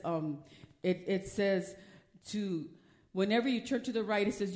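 A woman's voice: mid-range voice, a little mellow. An older woman preaching a fervent sermon. She reads scripture aloud, stumbles over some words, laughs often and drives her points home with emphasis.

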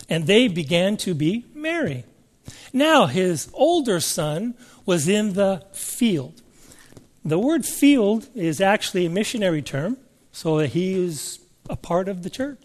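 A man's voice: sits high, big pitch swings, takes it slowly. A man preaching a sermon, reading scripture aloud and asking the listeners emphatic questions.

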